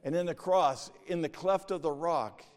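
A man preaching a sermon in a measured way, reading scripture and outline points and growing emphatic as he goes. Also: on the high side, a little mellow. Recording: long reverb of a hall.

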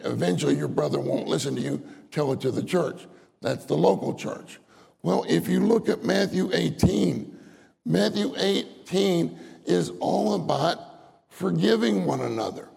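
A man's voice: on the high side, unhurried, creaky, darkish tone, husky. A man preaching a sermon, citing verses and repeating phrases, rising into earnest, pleading prayer. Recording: long hall reverb.

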